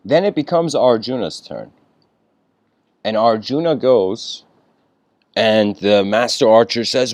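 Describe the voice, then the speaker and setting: A man giving an informal lecture, telling a story with many fillers and frequent throat clearing. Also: fairly low pitch, takes it slowly, long pauses, dry recording.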